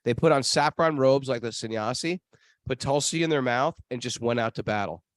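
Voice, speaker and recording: A man's voice: medium pitch, brisk, no echo. A man hosting a podcast, telling stories in a casual, rambling way with lots of restarts and fillers. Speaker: podcast host. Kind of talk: casual storytelling chat. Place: travel spot near temples.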